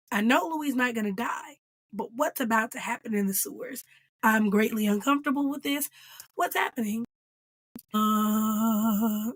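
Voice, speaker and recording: A woman giving a casual, animated reaction review of a TV episode, playful and full of slang. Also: a little high, no room sound.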